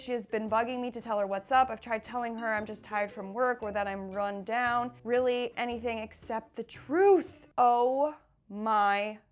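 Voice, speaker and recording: A woman from Canada reading Reddit posts aloud and giving animated, slangy commentary with frequent laughter. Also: fairly high pitch.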